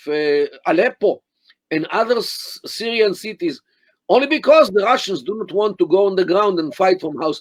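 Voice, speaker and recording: An older man speaking as an interview guest over a video call, making his points deliberately and emphatically with many restarts and fillers. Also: sits high, no echo. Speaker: interview guest, Middle East scholar.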